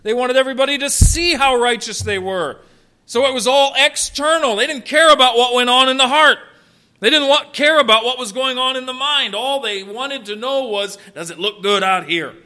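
A man's voice: very high-pitched, sharp tone. A male pastor preaching a sermon emphatically, with many rhetorical questions.

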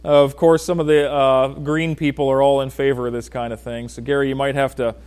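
A man preaching a sermon in a folksy, joking way, talking straight to people in the congregation and swinging from loud emphasis to quiet asides. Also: mid-range voice, little pitch movement, a little fast, clear, resonant tone. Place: church.

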